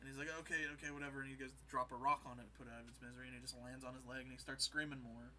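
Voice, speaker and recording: Podcast guy w a really bright sharp voice, rambly recap, does little quotes. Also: mid-range voice, flat delivery, racing, a little hiss or hum, rough recording. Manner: rambling storytelling, acts out quotes. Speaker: podcast co-host. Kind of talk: casual chat, episode recap.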